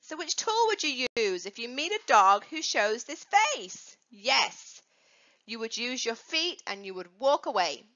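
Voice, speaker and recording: Woman, children's teacher, sing-song, slow, muffled lo-fi sound. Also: a little high, sing-song, pushed and bright. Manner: sing-song, coaxing questions to kids. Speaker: dog safety educator. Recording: dull lo-fi recording.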